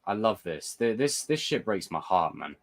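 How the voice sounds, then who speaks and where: Young dude on a livestream, kinda low voice, gets hyped and swears a lot. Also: male voice, moderate pace. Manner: excitable, swears and stumbles, answers viewer comments. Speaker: livestream host reviewing a TV episode. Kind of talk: casual live reaction chat.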